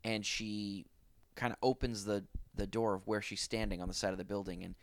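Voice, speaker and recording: A man co-hosting a podcast, calmly explaining plot points in a casual chat. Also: fairly low pitch, a little fast, dry recording. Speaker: podcast co-host. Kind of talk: casual chat recapping a film.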